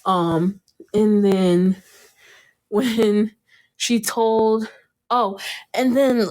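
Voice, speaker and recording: A young woman hosting a casual podcast, recapping an episode and acting out what the characters said with sudden jumps in pitch and frequent laughter. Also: extremely slow. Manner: animated, acts out quotes in a jumped-up pitch, laughs often. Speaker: podcast host.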